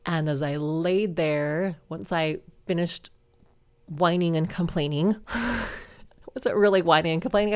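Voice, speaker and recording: A woman's voice: on the low side, unhurried. Podcast lady telling her own story, earnest and reflective, perks up now and then. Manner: reflective, earnest, animated when retelling. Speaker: podcast host. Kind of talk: personal storytelling monologue.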